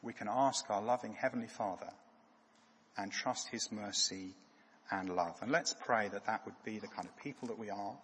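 Husky preacher man in a reverberant church. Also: fairly low pitch, fairly bright tone. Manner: halting, with frequent fillers and restarts. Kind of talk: sermon.

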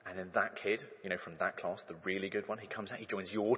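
A man in his thirties preaching a sermon, conversational and animated, acting out crowd shouts as he tells stories. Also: deep voice, quick pace, slightly rough. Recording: long hall reverb.

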